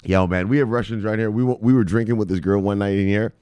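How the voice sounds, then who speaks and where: A man's voice: fairly low pitch, steady tone, fast talker, darkish tone, clear, resonant tone, dry recording. A man hosting a crypto news video, talking in a rambling, profane, jokey way and calling his viewers brothers. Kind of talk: casual profane commentary.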